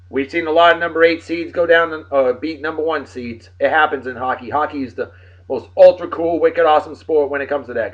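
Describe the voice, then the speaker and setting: Man, animated and rowdy vlog host, swinging pitch, dull low-fi audio. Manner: boisterous, swearing banter. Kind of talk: casual shout-outs to friends. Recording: dull lo-fi recording.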